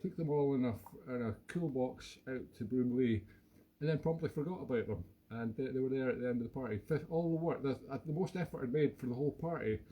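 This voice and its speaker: A man's voice: mid-range voice, fast talker, slightly rough, dull audio. A man in his fifties hosting a casual live stream from home, chatting playfully and rambling with many restarts. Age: 50s. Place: home room.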